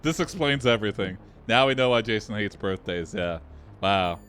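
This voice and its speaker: A man's voice: on the low side, expressive, moderate pace, a bit bright, faint music behind. A man hosting a live AI storytelling stream, chatting casually and laughing often between story readings.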